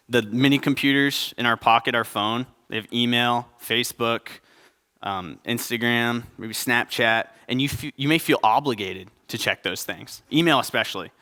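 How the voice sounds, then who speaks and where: A young adult male pastor with a medium-pitched, sharp voice preaches a conversational sermon during a church service, and the sound fills a big room. He cracks jokes and puts questions to the congregation.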